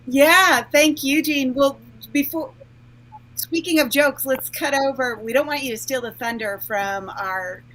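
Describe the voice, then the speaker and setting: A woman's voice: high voice, measured pace, a bit bright, a little hiss or hum. A woman co-hosting a talk show, playful as she hands over to the next segment. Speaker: co-host. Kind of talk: casual interview talk.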